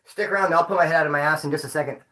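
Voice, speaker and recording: A man tells stories to his viewers in a rambling way, heavy with street slang and profanity. His voice is bright and forceful. The room around him is echoey. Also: on the high side, rapid-fire. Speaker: vlogger. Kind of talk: casual storytelling to viewers.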